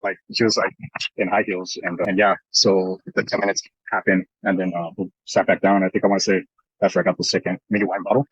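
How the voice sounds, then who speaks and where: A man talks very fast in a lowish, husky voice, rambling through a slangy story with lots of fillers and restarts. It is a casual podcast chat, recorded dry and close with muffled, lo-fi sound. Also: little pitch movement, fairly bright tone, dry recording. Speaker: guest recounting a trip. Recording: muffled lo-fi audio.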